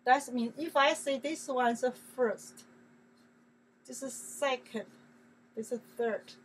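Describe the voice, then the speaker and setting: A woman with a Chinese accent teaches grammar at a slow, deliberate pace, often repeating herself and checking that the listener follows. Her voice sits a little high for a woman. A faint hiss runs underneath the recording. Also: a bit bright, low-quality recording. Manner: slow, repetitive explaining in simple English, asking "okay?". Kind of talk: online language lesson.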